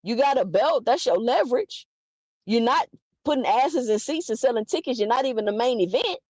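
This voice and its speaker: A woman's voice: on the high side, dry recording. A woman giving an opinionated boxing commentary, emphatic and full of rhetorical questions. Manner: animated, emphatic, rhetorical questions, quick restarts. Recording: dull lo-fi dry sound.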